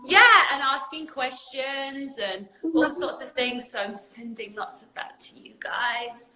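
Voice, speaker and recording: English woman, livestream host, bubbly and giggly, bright voice, echoey room. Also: high voice, unhurried, slight background noise. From England. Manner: bubbly, giggly, says "like, literally" a lot. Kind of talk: casual livestream chat.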